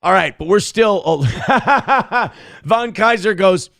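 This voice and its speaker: A young man hosting a live show, reading donation messages and ranting with heavy swearing in fast, heated bursts. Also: high-pitched, animated, gravelly, fairly bright tone, no room sound, studio quality. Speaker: livestream show host. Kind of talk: profane political rant and chat reading.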